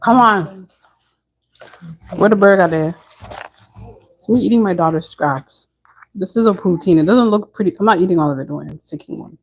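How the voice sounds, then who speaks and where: A woman in the middle of a relaxed home live stream, chatting away with her viewers. She answers their comments as they come in, in an easygoing, conversational way. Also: medium pitch, moderate pace, long pauses, poor audio.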